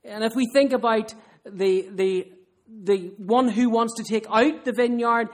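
A man's voice: high-pitched, unhurried. A man preaching a sermon in an earnest, emphatic way. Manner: earnest, emphatic, with rhetorical questions.

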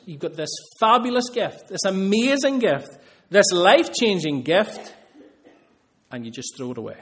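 A man's voice: fairly high pitch, a bit bright. A man preaching a sermon, earnest, building emphasis through repeated phrases.

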